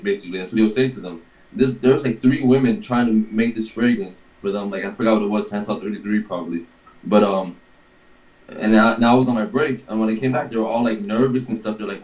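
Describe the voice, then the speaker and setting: A man's voice: lowish voice, quick pace, darkish tone, echoey room, poor audio. A man in casual chat, telling a rambling story and acting out other people's quotes, with a lot of swearing. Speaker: guest telling a workplace story.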